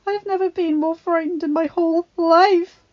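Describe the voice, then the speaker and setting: A woman voicing a frightened, gentle young heroine, tearful and pleading with shaky breath, in a storybook reading. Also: high-pitched, moderate pace, creaky, voice pushed up. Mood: distraught. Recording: slightly dull, faint background music.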